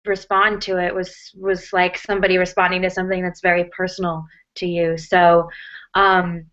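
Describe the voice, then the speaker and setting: A woman's voice: on the low side, little pitch movement, normal speed, a bit bright. Chatty American woman, muffled audio. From United States. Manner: chatty, many fillers and restarts. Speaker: actress, interview guest. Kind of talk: casual interview answers.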